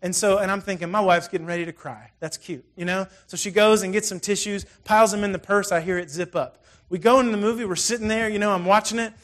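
A middle-aged male pastor preaching a sermon in a conversational, animated way, full of asides and storytelling. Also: high-pitched, fast talker, hardly any pauses.

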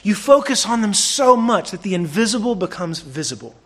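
Animated high-voiced male preacher. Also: a little fast. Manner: animated, conversational preaching with swings between loud and hushed. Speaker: pastor. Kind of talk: sermon.

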